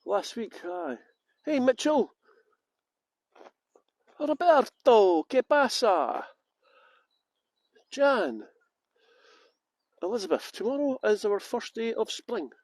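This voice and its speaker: Scottish guy doing a live tour stream outside, high bouncy voice, chatty and joking around. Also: very animated, a little slow, long pauses, a little mellow, no room sound. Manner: jokey, greets viewers by name, self-mocking banter. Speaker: tour guide. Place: outdoors in a botanical garden.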